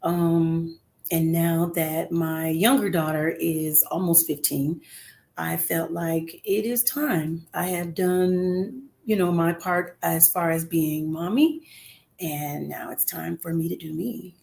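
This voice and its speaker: A middle-aged woman with a fairly low voice chats as a guest singer over a remote call. She talks earnestly and encouragingly, with plenty of "um"s along the way. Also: slow, gravelly, darkish tone. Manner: conversational with frequent "um" fillers, earnest and encouraging. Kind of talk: casual interview.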